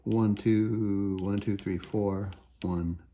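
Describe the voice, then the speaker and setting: A man's voice: on the low side, steady tone, drawn-out words, dark tone. A man teaching music theory in a recorded lecture, thinking aloud as he works through an example, often checking in with "right?" and now and then singing a tune in nonsense syllables. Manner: frequent tag questions.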